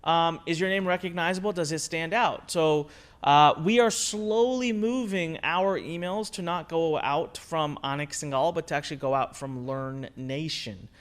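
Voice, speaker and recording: A man teaching a recorded course lesson on marketing, talking in an energetic, conversational way, stressing his points and asking rhetorical questions. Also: a little high, moderate pace, clear, resonant tone. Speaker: online marketing instructor.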